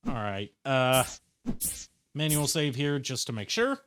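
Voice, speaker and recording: A man's voice: mid-range voice, sing-song, a little slow, background noise. An American man chatting casually while streaming a game, rambling with fillers and casual swearing. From United States. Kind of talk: casual gaming stream chat. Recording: game music behind.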